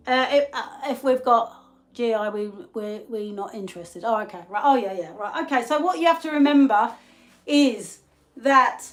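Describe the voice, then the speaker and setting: A woman from England with an English accent, hosting a live cooking stream in her kitchen, chatty and quick to laugh as she greets viewers. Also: fairly high pitch. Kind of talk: casual live-stream chat while cooking. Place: home kitchen. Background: pots and pans clattering faintly.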